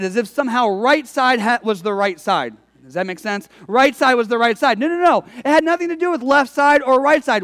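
A man with a notably high voice delivers a sermon, keeping it conversational and story-driven. He presses his points with emphatic repetition. His words trail off in the long reverb of a big hall. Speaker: pastor.

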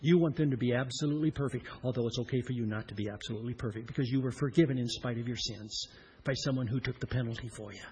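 A middle-aged man preaching a sermon, swinging between loud emphatic lines and hushed, slowed-down ones. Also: mid-range voice, husky, poor audio. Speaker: pastor.

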